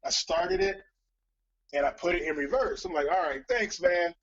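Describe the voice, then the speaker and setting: A man casually telling a story on a live stream, profane and animated, acting out the voices of other people. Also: sits high, moderate pace, highs cut off.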